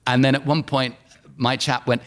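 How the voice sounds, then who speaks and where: A man's voice: medium pitch, flat delivery, moderate pace, a bit bright. A man in his fifties with a London accent, an actor telling anecdotes as a podcast guest, laughing through his stories. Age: 50s. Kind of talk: casual anecdotal chat.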